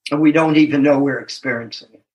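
A man's voice: medium pitch, fairly even intonation, fast, a little mellow. An older man in his seventies giving a reflective, earnest personal recovery testimony, chuckling at himself and stressing key words. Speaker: speaker sharing at a recovery meeting.

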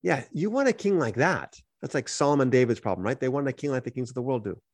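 In a dry recording, a medium-pitched man speaks at a quick pace while co-hosting a podcast. He animatedly reads scripture aloud and then explains it in a conversational, teaching way.

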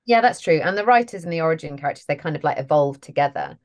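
Low-voiced British woman, chatty. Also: animated, darkish tone. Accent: British English. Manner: chatty, self-deprecating, quick to laugh. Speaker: voice and mocap actor guest. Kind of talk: casual interview chat.

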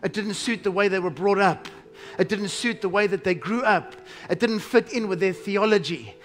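A man preaching a sermon as pastor, emphatic, slowing to stress key phrases and dropping to a hushed tone. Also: high voice.

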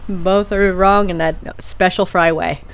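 A woman's voice: on the low side, fairly even intonation, slow, smooth. Laughing, swearing woman podcast host. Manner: laughs often, swears casually. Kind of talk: casual chat and storytelling.

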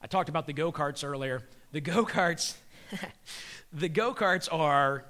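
A middle-aged man, a comedian and magician, giving a comedic Christian talk and telling stories with animated energy. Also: a little high, slow pace. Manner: animated storyteller acting out voices.

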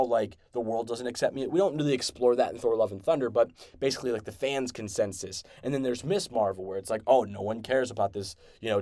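A man hosting a podcast, excitedly recapping and reviewing an episode in a rambling, casual way with many restarts. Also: mid-range voice, no room sound, clean studio sound. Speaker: podcast host.

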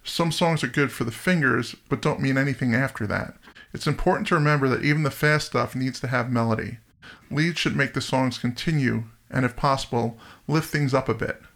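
A middle-aged man co-hosting a music podcast, chatty and reminiscing, quick to laugh. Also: mid-range voice, fairly bright tone. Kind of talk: casual music chat.

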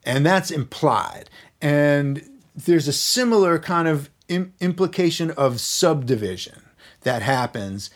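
A man with a slightly raised voice explains music technique as a podcast guest. He talks things through thoughtfully, pausing to find his words, and now and then sings rhythms to make his point. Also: a little high, animated. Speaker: guest, electric violinist and teacher.

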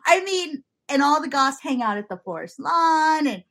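Chatty woman interviewer, laughs a lot, rambles on excitedly about a book. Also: high voice, moderate pace. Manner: giggly, rambling, enthusiastic. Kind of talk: casual interview chat.

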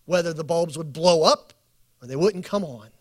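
A man preaching at a bible study, telling stories with acted quotes and building slow emphatic lists. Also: a little high. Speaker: pastor.

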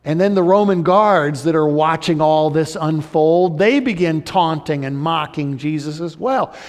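A man preaching a sermon as pastor, moving between impassioned emphasis and hushed, near-whispered appeals. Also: a little high, measured pace. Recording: long hall reverb.

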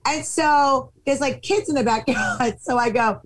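A woman's voice: sits high, slow pace, hardly any pauses, low-quality recording. A woman telling a funny anecdote in casual chat, acting out the voices of the people in it. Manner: animated, acts out quotes.

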